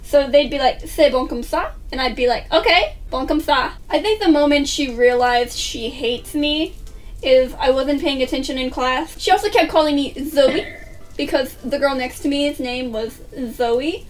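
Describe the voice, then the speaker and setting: A woman's voice: high-pitched, moderate pace. A woman chatting through a storytime vlog, casual and swearing now and then as she acts out what people said. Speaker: vlogger. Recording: distant mic with faint music.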